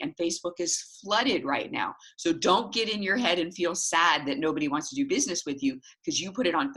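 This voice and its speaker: A middle-aged woman coaching her sales team, animated, acting out little dialogues in different voices. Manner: animated, acts out little dialogues with jumps in pitch.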